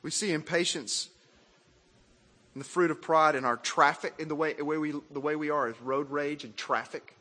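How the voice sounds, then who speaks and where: Animated preacher in an echoey hall. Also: male voice, fairly high pitch, moderate pace. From Arkansas. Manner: animated, self-mocking, rhetorical questions. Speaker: pastor. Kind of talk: sermon.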